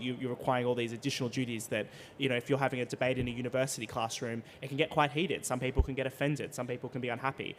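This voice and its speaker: A man moderating a conference panel, talking quickly with frequent restarts. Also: mid-range voice, slight background noise. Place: conference venue.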